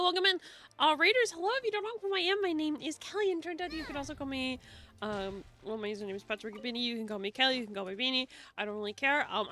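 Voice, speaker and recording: A giggly woman chats with viewers over a game stream, her voice high and bright. She swings widely in pitch as she talks, bubbly and quick to curse in fun, with faint music underneath. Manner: giggly, bubbly, swears casually. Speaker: variety VTuber streamer. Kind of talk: casual chat while streaming a game.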